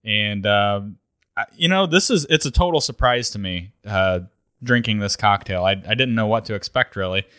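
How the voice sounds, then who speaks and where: Bright-voiced man chatting casually. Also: fairly low pitch, normal speed, clean tone, no room sound, clean studio sound. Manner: relaxed, chuckling, thinks aloud. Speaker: podcast co-host. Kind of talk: casual chat about cocktails.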